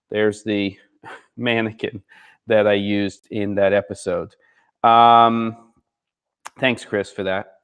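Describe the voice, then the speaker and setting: A man hosting a live gear show, chatting casually with viewers and reading out their comments, in a slightly sleepy morning voice. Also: on the low side. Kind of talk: casual live-stream chat. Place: second floor of a barn studio.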